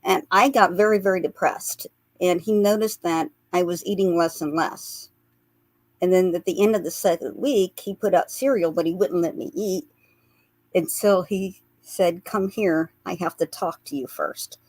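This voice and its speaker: Low-voiced woman telling a story. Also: normal speed, dry recording. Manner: earnest storytelling, laughs through lighter memories. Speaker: guest, psychic portrait artist. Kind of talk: recounting past-life memories in a radio interview.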